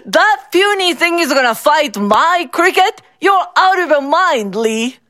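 A woman voicing a loud, mocking middle-aged man who taunts his rival in a storybook reading. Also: sits high, lively intonation, unhurried, no room sound, clean studio sound, voice pushed up, heavily acted. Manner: taunting, laughing scornfully.

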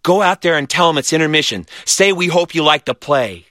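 A man's voice: on the high side, animated, brisk, fairly bright tone, no room sound, clean studio sound. A man doing a bossy big-brother boy. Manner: bossy, curt.

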